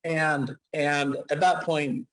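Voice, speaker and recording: A man's voice: fairly high pitch, flat delivery, slow pace, fairly bright tone, low-quality recording. Chatty man in his forties telling stories. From Utah, USA. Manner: chatty, anecdotal, frequent restarts. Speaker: dentist guest. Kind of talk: casual interview storytelling.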